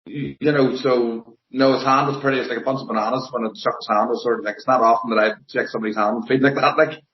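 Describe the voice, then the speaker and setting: A softly spoken man with a Northern Irish accent answers questions in a plain, modest way. His voice sits at a middle pitch. The sound is roomy and echoey, with a dull, lo-fi quality. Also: fairly even intonation, fast. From Northern Ireland. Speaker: interview guest, armwrestler. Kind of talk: casual interview. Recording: echoey, muffled lo-fi audio.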